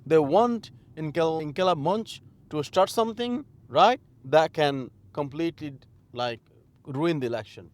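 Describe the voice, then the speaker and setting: Fired up bangladeshi guy ranting outside, bit high voice, lots of "right? okay?". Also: measured pace, dry recording. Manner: heated and emphatic, with rhetorical questions and tag questions. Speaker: political commentator. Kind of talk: impassioned political monologue. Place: outdoors in a city.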